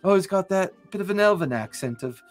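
A man co-hosting a podcast talks casually about tabletop role-playing in long, rambling, enthusiastic runs. His voice sits somewhat high for a man. Faint music plays behind him. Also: animated, fairly quick. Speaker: podcast co-host.

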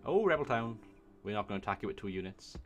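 A man gives excitable gameplay commentary, swearing often and talking to himself as he plays. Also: on the low side, fast talker, faint music behind. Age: 20s. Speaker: let's play host.

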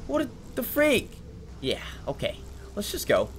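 Young man, let's play commentary, easily startled, shouts, slangy taunts, lively swooping pitch, faint background noise. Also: a little slow. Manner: jumpy, yelps and shouts when startled; mock-brave taunting and slangy banter with viewers. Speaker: gaming video host.

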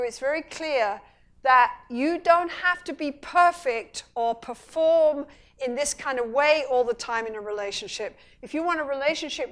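A middle-aged woman, a couples therapist, giving a public talk and bringing her points to life by acting out bits of dialogue. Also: high voice. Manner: animated storytelling, acting out dialogue. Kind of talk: public lecture.

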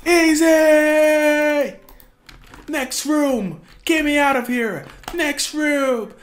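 A woman playing a boastful, impatient pro gamer in a comedic gameplay skit, often shouting. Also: high voice, drawn-out words, a little hiss or hum. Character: cocky show-off pro gamer, young.

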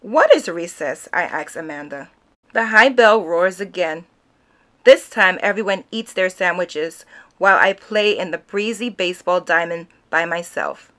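A woman reading a children's picture book aloud, narrating in an expressive storytelling manner. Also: on the low side, measured pace.

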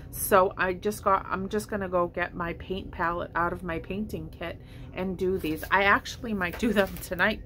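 Indoors at home, a woman shows her shopping haul to camera in a casual, upbeat, rambling chat while hiccupping. Her voice is medium-pitched with a sharp tone, and there is slight background noise.

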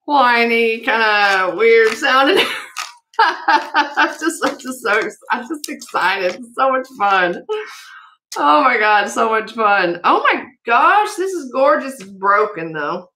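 A woman vlogger sorting through a jewelry haul in an excitable, gushing way, chatting to her viewers. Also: a little high, slow, slight background noise. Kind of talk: casual unboxing chat.

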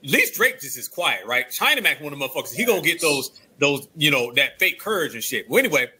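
A man hosting a casual panel talk show, speaking in an animated way and addressing the audience directly. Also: on the high side, quick pace. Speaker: host.

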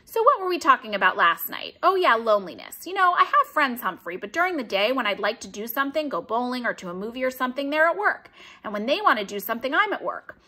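An upbeat, talkative middle-aged janitor with a bright, lively voice that bounces up and down, put on by a woman reading a storybook. He chats along in a friendly way. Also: on the high side, fast talker, hardly any pauses, heavily acted. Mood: chatty. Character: cheerful chatty middle-aged male school janitor.

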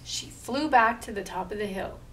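A woman reading a picture book aloud at a library storytime, slow and expressive. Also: medium pitch, recorded from a distance, a little hiss or hum, poor audio.

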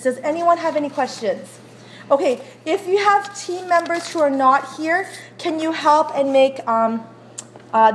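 A woman's voice: high-pitched, a little hiss or hum. A woman teacher leading a baking demonstration in a school classroom kitchen, chatty and often checking that her students follow, recorded on a phone. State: out of breath while rolling dough.

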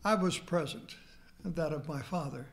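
An older man lecturer voicing a courteous, reminiscing elderly gentleman in a told story. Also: on the high side, normal speed, gravelly, slight background noise. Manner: cordial, reminiscing.

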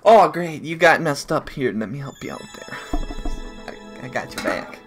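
Guy yelling and cursing at a hard platformer, bright voice, pitch all over, faint game music behind. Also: moderate pace. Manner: excitable, swears a lot, yells in frustration. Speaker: let's play gamer. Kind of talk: live gameplay commentary.

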